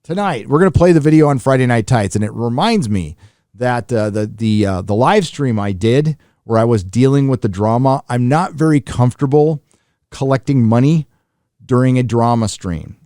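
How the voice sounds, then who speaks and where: A man's voice: medium pitch, animated, moderate pace, warm tone, no echo, clean studio sound. A man hosting a live stream, reading viewer messages in loose, casual talk with fillers, restarts and swearing.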